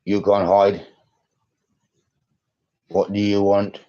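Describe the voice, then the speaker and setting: Slow, dark-voiced man rambling. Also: lowish voice, level tone, muffled recording. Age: 30s. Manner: rambling, repetitive, emphatic, swears. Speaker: conspiracy vlogger. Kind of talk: rambling live-stream monologue.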